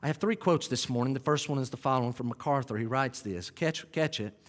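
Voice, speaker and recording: A man preaching a sermon, animated, swinging between quiet asides and loud climaxes. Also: medium pitch, brisk, long reverb tail. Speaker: pastor.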